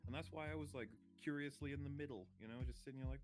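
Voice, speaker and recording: A man's voice: medium pitch, fast talker. A man on a casual group podcast giving his opinion, dry and wry.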